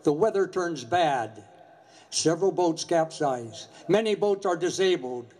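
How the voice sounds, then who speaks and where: An older man giving an earnest, measured memorial speech, telling a story from his years commanding a Coast Guard station. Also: on the high side, expressive, darkish tone.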